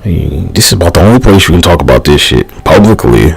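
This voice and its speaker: Very deep voice, husky, man, rambling livestream chat, profane and slangy. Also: lively intonation, fast talker, low-quality recording. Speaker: live streamer. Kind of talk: rambling casual livestream talk.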